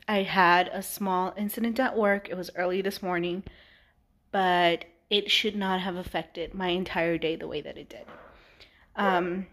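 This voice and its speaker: A woman speaking candidly in a personal video diary at home, with frequent ums and restarts. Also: medium pitch. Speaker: vlogger.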